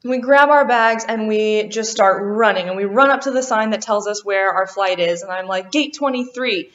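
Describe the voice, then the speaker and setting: A young woman vlogger telling a lively storytime about a travel mishap, acting out what people said. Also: mid-range voice. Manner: animated, quotes people in quick voices. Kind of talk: casual storytime. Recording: dull lo-fi sound.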